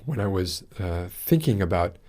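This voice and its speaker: A man's voice: deep voice, lively intonation, normal speed, mellow. A man hosting a podcast, chatting casually and rambling, with many restarts and fillers as he reads live chat comments aloud. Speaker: podcast host.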